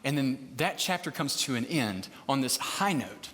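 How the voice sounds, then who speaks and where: Guy preaching casual style, mid pitch, lots of "okay?", big hall with long echo. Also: big pitch swings, normal speed, a bit bright. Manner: chatty and joking, keeps checking in with "okay?". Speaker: pastor. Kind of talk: casual conversational sermon. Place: large hall, live service.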